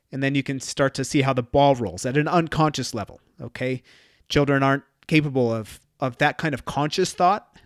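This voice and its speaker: A man in his thirties talks through a parenting story on his own podcast. He is easygoing and conversational and slips into quoted lines as he goes. His voice sits at a middling pitch and is recorded very dry and close. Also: a little fast, dry recording. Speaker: podcast host. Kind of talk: solo podcast talk.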